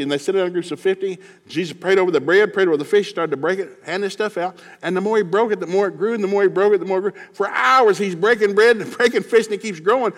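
A man from East Tennessee with a Southern American accent preaches a sermon in a folksy, animated storytelling style, acting out Bible characters and shouting their lines. His voice sits high and he speaks fast, with the long reverb of a hall around him.

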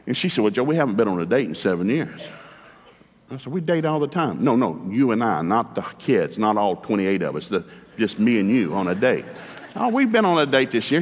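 A man's voice: medium pitch, in a large hall. A middle-aged man preaching a sermon as a folksy storyteller, acting out both sides of conversations.

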